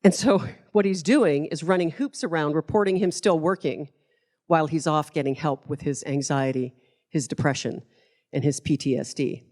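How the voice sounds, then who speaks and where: A woman's voice: low voice, moderate pace, darkish tone. A middle-aged woman, giving a conference keynote speech and telling stories in a passionate, emphatic way. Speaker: keynote speaker.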